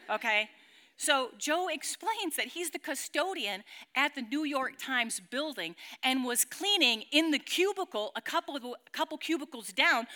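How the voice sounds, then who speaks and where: Woman, high bright voice, casual storytelling preacher who acts out the quotes. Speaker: speaker teaching a faith group. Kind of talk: storytelling sermon talk.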